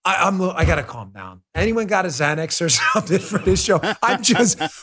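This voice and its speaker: A middle-aged man from New York City hosts a political talk show and rants in exasperation, mocking what he covers. His voice sits high for a man and swings up and down widely as he vents. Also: very animated, fairly quick, fairly bright tone, husky. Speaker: podcast host.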